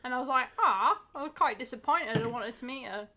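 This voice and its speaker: Bright-voiced chatty woman. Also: high voice, fast, a little hiss or hum. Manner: chatty storytelling with fillers. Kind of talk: casual chat.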